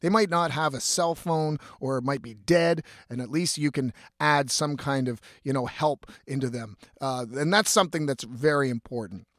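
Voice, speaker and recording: A man's voice: mid-range voice, moderate pace, hardly any pauses, fairly bright tone, dry recording, studio quality. A man, hosting his own show and telling a long rambling story with heavy swearing and lots of fillers. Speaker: host. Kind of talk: casual storytelling monologue.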